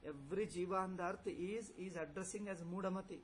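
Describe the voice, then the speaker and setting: A man teaches a scripture class as a swami. His voice sits high, and he drives his points home with rhetorical questions and repetition. A faint hiss of noise sits under the recording. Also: fast, low-quality recording. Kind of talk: philosophy lecture.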